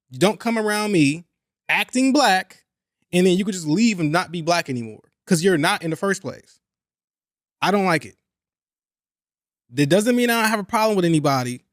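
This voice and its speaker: Young guy on a podcast, higher voice, dry close sound, swears a lot and keeps hammering his point. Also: normal speed, no room sound. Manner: animated, profane, repeats himself for emphasis. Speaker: podcast host. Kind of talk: casual chat.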